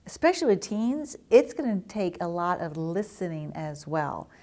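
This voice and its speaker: A woman's voice: on the low side, very animated, moderate pace, darkish tone. A middle-aged woman, a family therapist, explaining to parents in an earnest, instructive way. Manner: earnest, explanatory, acts out children's quotes. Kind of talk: educational talk to parents.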